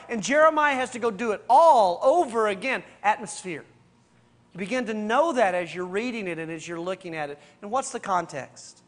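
Leading a Bible study, a pastor with an unusually high voice for a man fires off question after question and keeps repeating his main points. He speaks directly and casually to his listeners like a friendly teacher, with lively intonation, a normal speed and a fairly bright tone.

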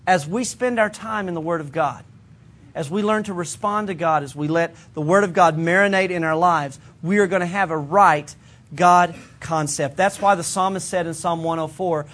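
A man with a notably high voice teaches from the pulpit in a relaxed, conversational way. He is earnest and direct, and now and then he stumbles over a restart before pressing on. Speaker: pastor. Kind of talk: sermon teaching to a congregation.

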